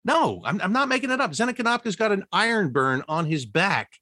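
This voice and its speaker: A man telling old team stories in an interview, laughing often and jumping high in pitch when he quotes people. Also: brisk, no room sound, studio quality. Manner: animated, laughing storyteller with big pitch jumps when quoting. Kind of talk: storytelling interview.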